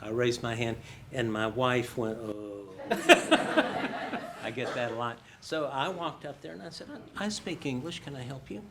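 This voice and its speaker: A man's voice: medium pitch, moderate pace, heavy background noise. An older American man speaking as guest in a career conversation, telling stories with self-deprecating humor. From United States.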